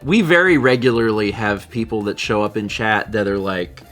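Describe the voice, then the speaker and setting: A man co-hosting a live stream, chatting casually, reading chat messages and joking with squeaky put-on voices. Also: moderate pace, a bit bright, faint music behind. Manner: jokey, breaks into high squeaky put-on voices.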